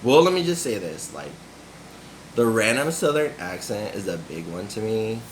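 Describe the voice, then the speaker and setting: A man's voice: fairly low pitch, big pitch swings, moderate pace, slight background noise. A young man from Nevada in a casual, rambling monologue, full of fillers and frequent laughs. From grew up in Nevada. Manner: rambling, filler-heavy, giggly, laughs often.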